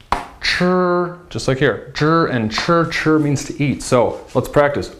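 A man teaching a language lesson, demonstrating sounds slowly and drawing out each one. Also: mid-range voice, lively intonation. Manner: slow, drawn-out demonstration of sounds.

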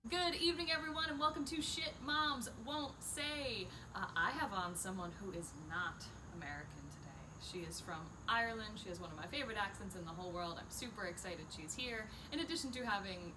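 A woman's voice: mid-range voice, animated, fairly quick, hardly any pauses. A woman hosting a podcast in casual chat, playful and teasing, swearing freely. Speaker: podcast host. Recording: distant mic with clear background noise.

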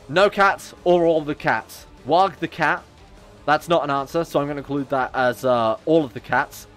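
A man streaming a strategy game live, joking around, swearing and talking to his chat. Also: fairly high pitch. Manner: animated, jokey, swears, talks to chat. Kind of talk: live gameplay commentary.

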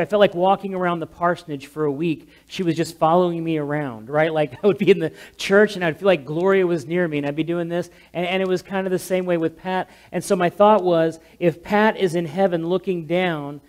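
A male pastor giving a heartfelt memorial sermon in a church, talkative and loud by his own account, often restarting his sentences. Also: on the high side, fairly quick. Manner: talkative, self-described loud, frequent restarts. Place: church sanctuary. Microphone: amplified handheld or stand mic with monitor.

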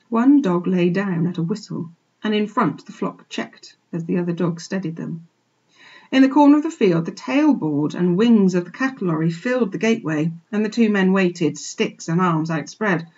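A woman teacher expressively reading a children's book aloud for a remote class, pausing to point out pictures, on a dull lo-fi recording. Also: fairly low pitch, darkish tone, slightly rough. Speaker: primary school teacher. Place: home, remote lesson.

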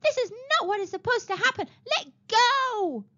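Storybook princess, dreamy and dramatic, high and swoopy, shrieks when upset, a woman voicing her. lo-fi sound. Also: sing-song, measured pace, pushed and bright, heavily acted.

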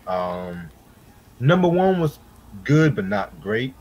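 A man co-hosting an album review in casual chat, laid-back and unhurried, swearing casually and a little high. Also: very animated, a little mellow, slightly rough, muffled recording. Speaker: podcast co-host reviewing an album.

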